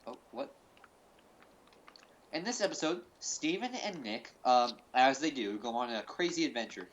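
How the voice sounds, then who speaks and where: A man presents a joke fan theory in a mock-serious tone, rambling and tripping over his own sentences. His pitch sits mid-range. Faint noise runs under the call audio. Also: expressive, moderate pace, low-quality recording. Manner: rambling, full of fillers and restarts. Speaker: host. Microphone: call recording.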